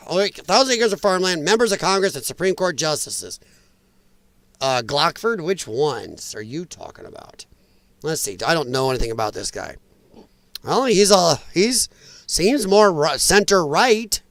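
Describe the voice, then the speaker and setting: A man's voice: on the high side, expressive, moderate pace, a bit bright, no echo. A man hosting a political commentary livestream, ranting with strong opinions and reacting to viewer chat. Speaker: host.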